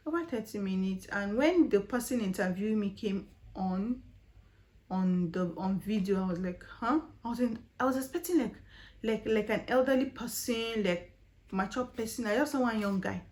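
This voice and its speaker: A woman's voice: medium pitch, moderate pace. Chatty Nigerian woman telling a story. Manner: chatty, animated, with frequent fillers and rhetorical questions. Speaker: vlogger. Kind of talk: casual storytelling vlog.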